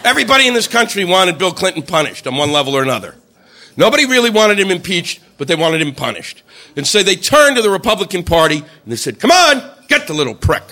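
High-voiced guy doing standup, bright sharp tone, yells the punchlines. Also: quick pace. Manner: animated, shouting punchlines, acting out voices. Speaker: stand-up comedian. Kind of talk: stand-up routine.

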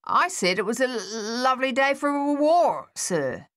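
Woman reading a young stammering soldier, halting and earnest. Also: high-pitched, sing-song, fairly bright tone, pitched above the performer's own voice, full character voice.

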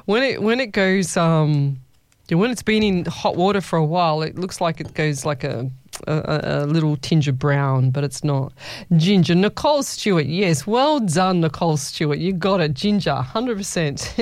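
A woman hosting a radio show, talking in a casual, playful way to her listeners. Her voice is smooth and clear. The studio sound is dry and close. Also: sits low, animated, normal speed, a little mellow, dry recording. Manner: chatty, playful, calls listeners lovey. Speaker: radio host. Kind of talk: casual chat reading listener messages.

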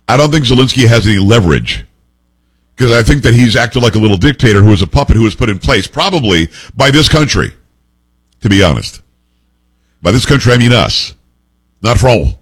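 A man's voice: mid-range voice, animated, brisk, breathy edge. A man hosting a talk radio show, reading news reports aloud and giving blunt, opinionated commentary.

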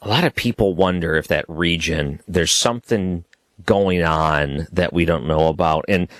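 A man's voice: low-pitched, normal speed, a bit bright, no room sound, clean studio sound. A man hosting an interview, asking curious, conversational questions.

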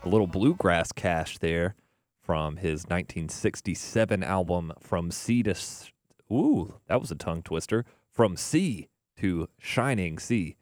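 A young man hosting a radio music show, chatting in a relaxed, rambling way full of "uh"s and restarts. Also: sits low, normal speed, no echo, studio quality. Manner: relaxed, rambling, filler-heavy. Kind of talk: casual radio DJ chat. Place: radio studio. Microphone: studio mic.

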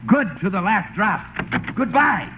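A man's voice: high-pitched, animated, unhurried. A man playing the show's announcer in a 1940s radio comedy, brash, boastful and theatrical. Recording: hissy lo-fi old radio broadcast.

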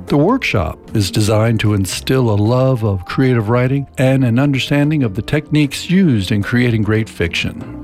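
Man, radio announcer, event listings, brisk, mid pitch. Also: a little mellow.

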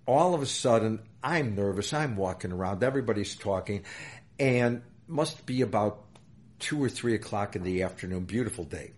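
A man's voice: lowish voice, a little mellow. An older man, an interview guest telling a long story with many fillers and restarts. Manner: rambling anecdotes with many fillers.

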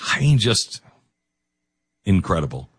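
A man hosting a talk radio show, speaking in an emotional, animated, rambling monologue. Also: sits low, a little slow, breathy edge, dry recording, clean studio sound.

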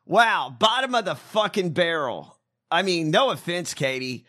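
A man's voice: sits high, lively intonation, measured pace, pushed and bright. A man co-hosting a casual chat, ranting in an incredulous, profane way. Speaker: podcast co-host.

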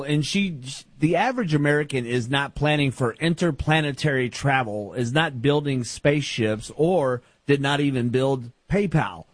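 A man's voice: medium pitch, dry recording. A man co-hosting a talk radio show, voicing his opinions emphatically. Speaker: co-host.

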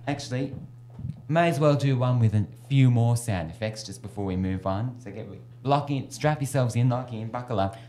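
A man's voice: mid-range voice, expressive, normal speed, mellow. A man hosting a radio show, telling jokes in a playful, giggly way. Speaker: radio host. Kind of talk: casual radio chat and joke telling.

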